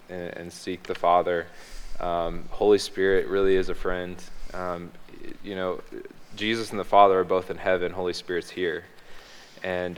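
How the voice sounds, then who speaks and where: A man's voice: low-pitched, a little hiss or hum. A man sharing a personal faith testimony as a guest, hesitant, with frequent ums and restarts, speaking on a stage. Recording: long hall reverb.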